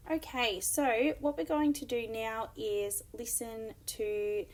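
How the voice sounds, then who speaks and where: A woman's voice: fairly high pitch, fairly even intonation, takes it slowly, a little mellow. A woman teacher explaining a lesson and reading examples aloud, with frequent ums. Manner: explanatory, many fillers, reads examples aloud. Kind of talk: recorded classroom lesson.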